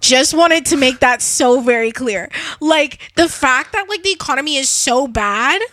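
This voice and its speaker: High, bright-voiced young woman. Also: no echo, studio quality. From Canada. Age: young adult. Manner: animated, giggly, fast asides. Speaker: podcast guest. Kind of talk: casual chat.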